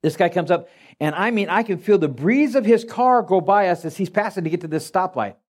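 A male pastor giving a sermon in a folksy, storytelling way. His voice sits a bit higher than most men's. He stumbles and restarts often as he talks. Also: animated, brisk, a little mellow.

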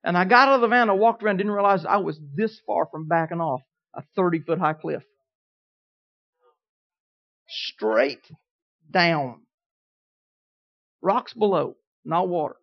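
Pastor guy preaching, folksy storyteller, gets quiet then loud, muffled lo-fi sound. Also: sits high, a little slow, pauses often. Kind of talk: sermon. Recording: dull lo-fi recording.

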